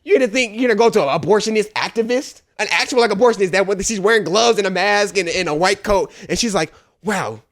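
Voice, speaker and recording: A man's voice: high voice, fast talker, hardly any pauses, no echo, studio quality. A man co-hosting a podcast in casual chat, rambling and mimicking other people in quoted bits. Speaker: podcast co-host.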